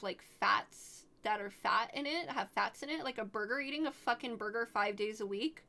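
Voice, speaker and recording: A young woman from Oregon streaming live, chatting casually with viewers and gushing excitedly. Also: fairly high pitch. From Oregon, United States.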